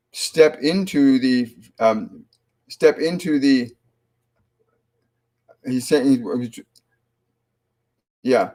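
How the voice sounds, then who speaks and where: Halting, calm man relaying spirit messages. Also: mid-range voice. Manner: halting, many restarts and fillers, calm. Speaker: psychic medium host. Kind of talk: live channeling reading.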